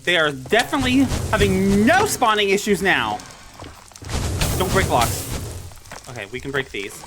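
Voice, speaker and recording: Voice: mid-range voice, big pitch swings, normal speed, over music. A Minecraft creator talking through their own gameplay, exasperated, telling the game's mobs off and muttering mild curses at them. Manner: exasperated, talks to the game mobs, swears mildly. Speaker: Minecraft let's-play creator. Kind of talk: live gameplay commentary.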